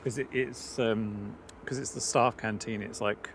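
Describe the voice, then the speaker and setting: A man's voice: on the low side, fairly even intonation, measured pace, slight background noise. A man co-hosting a plane spotting live stream outdoors, chatting casually and telling rambling stories. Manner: easygoing, rambling storyteller. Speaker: plane spotting livestream co-host. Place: outdoors at an airport.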